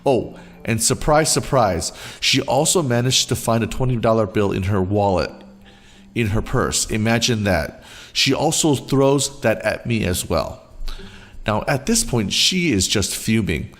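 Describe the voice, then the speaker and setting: Lively man reading stories aloud. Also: fairly low pitch, measured pace. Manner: expressive, animated reading. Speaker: storyteller.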